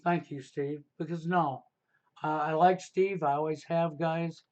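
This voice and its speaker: Middle-aged man, high voice, emphatic advice-giving host, muffled lo-fi stream audio. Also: steady tone, unhurried, darkish tone. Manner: emphatic, repeats "okay?" to drive points home. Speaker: livestream host. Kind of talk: casual advice talk on a live stream.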